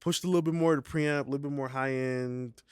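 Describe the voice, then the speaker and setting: A man's voice: mid-range voice, fairly even intonation, a little fast, smooth, no echo, studio quality. A man hosting a casual vocal mixing tutorial, talking in a slangy, laid-back way and often asking "you feel me". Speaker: mixing engineer tutorial host.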